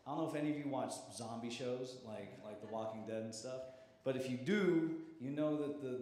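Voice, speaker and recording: A man's voice: medium pitch, darkish tone. A male teacher telling a heartfelt personal story in a town hall speech, often repeating words as he talks. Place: large hall. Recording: echoey hall with long reverb.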